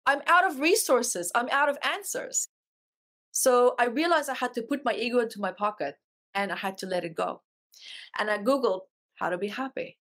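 A woman's voice: a little high, normal speed, fairly bright tone. A woman, an author and life coach, telling her personal story as a guest in an interview, earnest and emotional, and she repeats phrases for emphasis.

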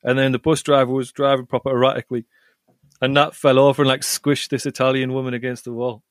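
A man's voice: mid-range voice, level tone, quick pace, no room sound. A young man, a podcast co-host, rambling through a travel story with lots of "like" and laughs along the way. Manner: rambling, says 'like' a lot, laughs while telling stories. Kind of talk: casual chat, storytelling.

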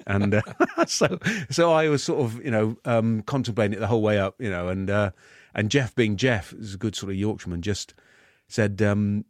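Guest in his 50s, low-pitched, halting delivery, dry close sound. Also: no room sound. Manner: halting, many restarts. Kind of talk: interview.

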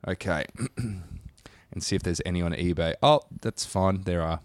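A man's voice: sits low, moderate pace. A man with an Australian accent co-hosting a podcast, joking crudely and swearing in casual banter. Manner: lively, joking, swears freely. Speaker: podcast co-host.

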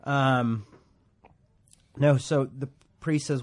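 A man's voice: mid-range voice, normal speed. A man preaching a casual, rambling sermon in a church, joking at his own expense and laughing often. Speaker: pastor.

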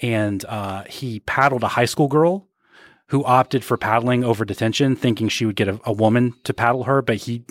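A man's voice: medium pitch, normal speed, no room sound, studio quality. A man co-hosting a podcast, ranting sarcastically in casual chat. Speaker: podcast co-host. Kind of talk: casual pop-culture chat.

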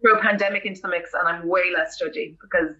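A woman with an Irish accent, an entertainment interviewer telling rambling, animated stories in casual chat. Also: on the low side, quick pace, lo-fi sound. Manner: animated, rambling storytelling with fillers. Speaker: podcast guest, entertainment interviewer.

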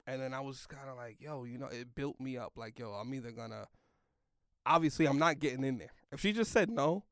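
A man's voice: mid-range voice, fairly even intonation, fairly quick, fairly bright tone, dry recording, clean studio sound. A young man, a comedian, telling a rambling story in loose slang, full of "like" and "yo". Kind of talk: casual storytelling in a podcast chat.

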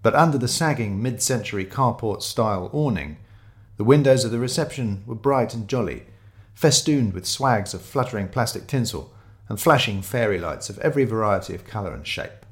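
A man's voice: fairly low pitch, animated, moderate pace. A man reading a first-person mystery story aloud, descriptive and wry in his storytelling. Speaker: narrator.

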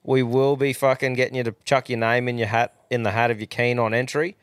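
A man's voice: medium pitch, little pitch movement, fairly quick, clear, resonant tone, dry recording, clean studio sound. A man hosting a podcast in laid-back chat, swearing freely. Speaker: podcast host. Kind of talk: casual chat.

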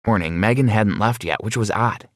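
A man telling a scripted first-person story in a plain, steady way. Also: lowish voice, normal speed, soft background music.

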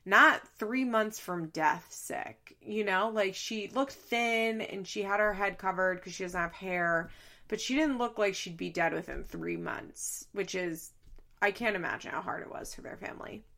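A woman's voice: medium pitch, measured pace, pushed and bright. A woman chatting casually as she recaps a reality show. She swears freely, laughs often and says "like" a lot.

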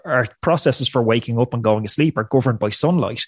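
A man's voice: mid-range voice, fairly quick, no echo. A man speaking as a podcast guest in an emphatic, motivational way. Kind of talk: podcast interview talk.

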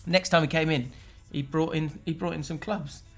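Man, podcast host, chatty and rambling, a touch higher-pitched. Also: fairly even intonation, normal speed, faint music behind. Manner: rambling, laughs while telling stories. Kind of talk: casual football chat.

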